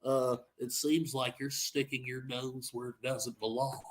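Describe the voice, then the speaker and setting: A man voicing a calm, quietly menacing older male vigilante who makes hushed, unhurried threats. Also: mid-range voice, natural voice. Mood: quiet menace.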